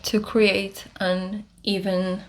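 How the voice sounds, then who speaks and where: Slow-talking woman demoing makeup. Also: mid-range voice, flat delivery, a little hiss or hum. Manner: unhurried, many fillers and restarts while demonstrating. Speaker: beauty vlogger. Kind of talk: casual makeup tutorial.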